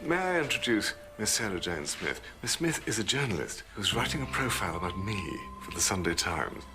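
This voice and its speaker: An actor playing a smooth, charming male headmaster in a TV drama, speaking with formal, polished diction. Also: fairly low pitch, very animated, brisk. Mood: suave. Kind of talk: TV drama acting. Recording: TV drama audio with music under it.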